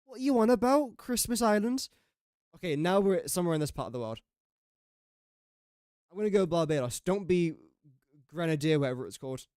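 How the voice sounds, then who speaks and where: Chatty gaming streamer, smooth voice. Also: male voice, high voice, lively intonation, brisk, long pauses, darkish tone, no echo, studio quality. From England. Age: young adult. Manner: chatty, jokey and self-mocking, thinking aloud. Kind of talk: casual live-stream commentary.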